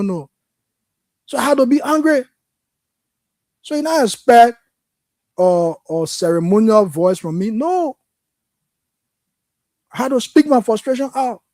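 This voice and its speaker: A man's voice: sits high, darkish tone, no echo. A man with a Liberian accent hosting a political call-in show, talking in an impassioned, frustrated way. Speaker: radio call-in host. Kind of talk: political talk show commentary.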